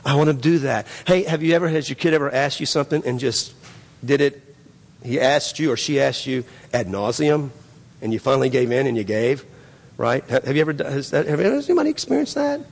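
Male pastor, gravelly voice, emphatic repetitive sermon delivery, long church-hall reverb. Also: mid-range voice, lively intonation, a little fast. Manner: repetitive, emphatic preaching with many restarts. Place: church sanctuary.

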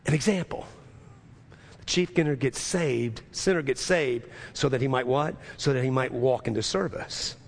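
A man's voice: medium pitch, normal speed. A man preaching a sermon as pastor, emphatic and full of rhetorical questions to his congregation.

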